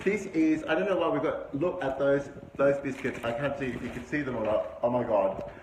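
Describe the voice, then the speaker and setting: A man's voice: mid-range voice, a little fast, darkish tone. A middle-aged man hosting a live-streamed vlog from an indoor room, talking enthusiastically and greeting his viewers by name. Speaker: livestream host. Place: indoor room with a window view. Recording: noisy livestream audio.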